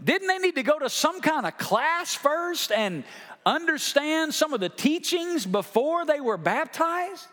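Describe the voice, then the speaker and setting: A man's voice: very high-pitched, sing-song, unhurried, pushed and bright, voice pushed up, full character voice. A male pastor voicing a doubting churchgoer who fires incredulous questions back at him. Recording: long hall reverb.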